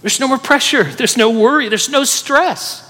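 A man with a high voice preaches in a large church hall, and a long reverb trails after his words. He tells stories with energy and urges the congregation to join in. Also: moderate pace. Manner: animated storytelling preacher, urging the congregation. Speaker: pastor. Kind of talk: sermon.

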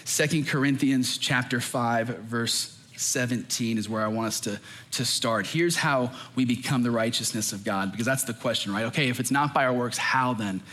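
A man's voice: mid-range voice, normal speed, few pauses, fairly bright tone. A young adult man, a pastor, preaching a sermon in an earnest, emphatic way.

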